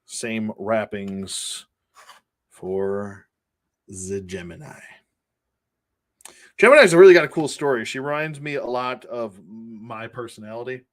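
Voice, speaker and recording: A man's voice: medium pitch, animated, slow pace, pauses often. A middle-aged man from the Buffalo area hosting a casual toy-collecting livestream, rambling, laughing often and greeting viewers by name. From Buffalo, New York area.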